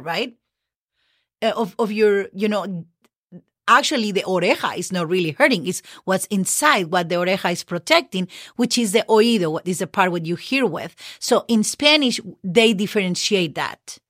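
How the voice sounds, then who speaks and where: A woman's voice: fairly high pitch, fairly bright tone, dry recording, clean studio sound. A woman hosting a podcast lesson who patiently spells out words letter by letter, often checking in with "okay?". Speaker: Spanish teacher and podcast host.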